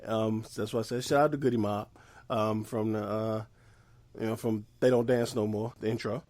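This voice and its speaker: A man's voice: fairly low pitch, fairly even intonation, moderate pace, darkish tone, no room sound. A man co-hosting a podcast, chatting in a laid-back, easygoing way with plenty of ums. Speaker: podcast co-host. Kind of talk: casual podcast chat.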